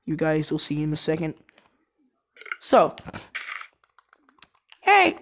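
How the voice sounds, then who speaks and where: A woman doing let's play commentary on a game, excitable and prone to shouting and laughing. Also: low-pitched, a little slow, slight background noise. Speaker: gameplay commentator.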